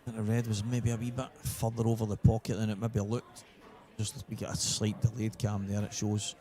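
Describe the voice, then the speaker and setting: Storytelling Scottish pool commentator. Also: male voice, fairly low pitch, fairly quick. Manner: storytelling, animated in retold quotes. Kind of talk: live sports commentary. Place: commentary position at a venue.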